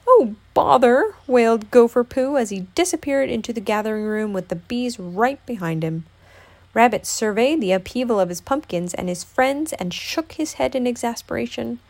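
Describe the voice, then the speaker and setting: Expressive woman reading a storybook. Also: on the high side, normal speed. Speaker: narrator. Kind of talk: storybook read-aloud.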